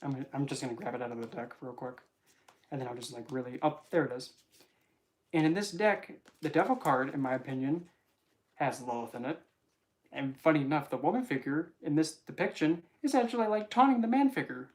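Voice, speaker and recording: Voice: medium pitch, expressive, a little fast, a little mellow. A tarot reader in a casual vlog who rambles, jokes and keeps interrupting themselves. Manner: rambling, joking, self-interrupting.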